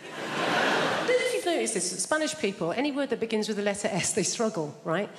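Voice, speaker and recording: A woman's voice: medium pitch, big pitch swings, a little fast, very noisy. A woman doing stand-up comedy in a theatre, chatty and teasing the audience. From England. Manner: chatty, teasing the audience, does her mum's voice. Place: large theatre stage. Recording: theatre reverb with loud audience.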